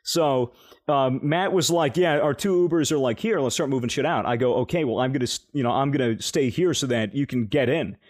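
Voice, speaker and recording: A man's voice: mid-range voice, a little fast, darkish tone. A young man casually telling a rambling, swear-filled story on a podcast, laughing as he goes. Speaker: podcast co-host.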